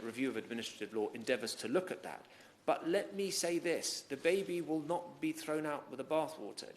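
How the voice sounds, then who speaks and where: A man, speaking as a government minister in a formal parliamentary speech, measured and courteous with occasional restarts. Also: mid-range voice, slight background noise. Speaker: government minister answering a debate.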